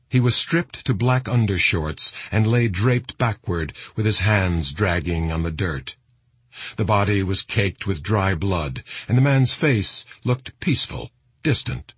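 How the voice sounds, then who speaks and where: A man narrating an audiobook in a grave, expressive reading. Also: low-pitched, slightly rough, dry recording.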